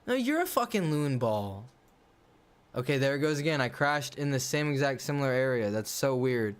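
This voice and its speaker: A man's voice: a little high, expressive, moderate pace, smooth. A man livestreaming a game and chatting casually, ranting bluntly in slang. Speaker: gaming livestreamer. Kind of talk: casual livestream chat while playing.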